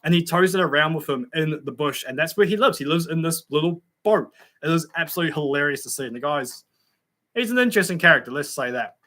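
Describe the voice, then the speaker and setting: A man's voice: a little high, expressive, quick pace, sharp tone. A young man hosting a casual livestream, reading out viewer comments in a chatty, laid-back way with frequent ums and laughs.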